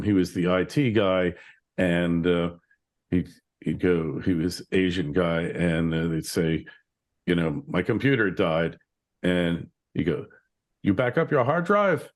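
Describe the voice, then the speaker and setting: Deep-voiced man hosting a podcast. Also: a little mellow. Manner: musing, rambling with fillers. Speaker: podcast host. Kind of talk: casual interview chat.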